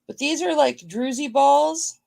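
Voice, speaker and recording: Gravelly, slow-talking woman auction host. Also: sits high. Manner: chatty and playful, thinks out loud, greets viewers by name. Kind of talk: casual live-stream auction patter.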